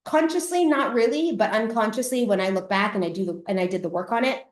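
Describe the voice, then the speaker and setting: A woman's voice: fairly high pitch, fast talker. A middle-aged Canadian woman, a podcast host and coach, telling a personal story in a live masterclass. She talks candidly, swears freely and acts out her past self. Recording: echoey room.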